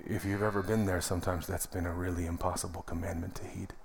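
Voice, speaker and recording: A man's voice: low-pitched, little pitch movement, quick pace, creaky, background noise. Conversational man preaching a sermon. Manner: conversational, emphatic preaching with calls of amen. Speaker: pastor. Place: church sanctuary.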